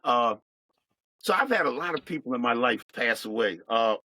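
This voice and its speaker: A middle-aged man telling his life story as a guest, in a plain, reflective, unhurried way. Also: medium pitch, expressive, sharp tone, no room sound, poor audio. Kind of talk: personal storytelling.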